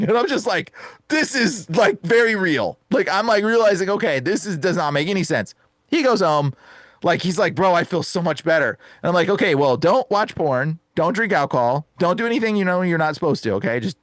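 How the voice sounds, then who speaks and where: A young man with a fairly high voice tells his story with a lot of animation, jumping into the voices of the people in it. He talks like a buddy and keeps saying "bro." The sound is dry and close, with no room around it. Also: fairly bright tone, no room sound. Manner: says "bro" and "like" often. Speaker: guest exorcist. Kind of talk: casual storytelling.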